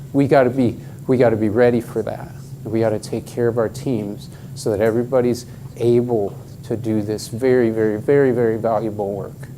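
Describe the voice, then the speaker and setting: A man's voice: medium pitch, dark tone, a little hiss or hum. A middle-aged man giving a workshop talk at a conference, emphatic and joking with the audience. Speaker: conference speaker.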